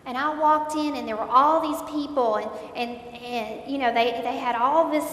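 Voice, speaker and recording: High-voiced woman in echoey hall. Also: normal speed, fairly bright tone. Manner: earnest, repeats words while recounting, voice rises in dismay. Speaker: speaker giving a personal testimony. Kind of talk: emotional faith testimony storytelling. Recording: echoey hall, faint rumble.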